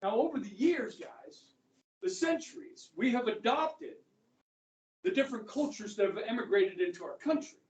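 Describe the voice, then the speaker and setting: A man's voice: very high voice, lively intonation, moderate pace. A man lectures a history class in a loose, joking way, throwing questions out to the room. He stands well back from the microphone. The classroom gives his voice a hollow, echoing ring. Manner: casual, joking, fires rhetorical questions at students. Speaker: history teacher. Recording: echoey classroom, speaker far from the mic.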